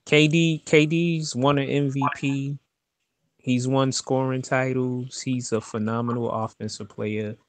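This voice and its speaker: A man's voice: mid-range voice, steady tone, a little slow. A man co-hosting a casual sports talk show, mostly agreeing and backing up his partner. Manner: agreeable, backs up the other host with short replies. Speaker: podcast co-host.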